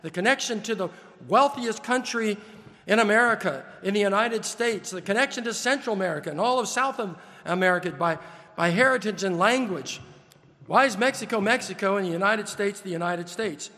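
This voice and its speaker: Male preacher, emphatic list-building delivery, sharp bright tone. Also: high voice, fairly quick, big-room sound. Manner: emphatic, building lists with rising stress. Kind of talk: sermon.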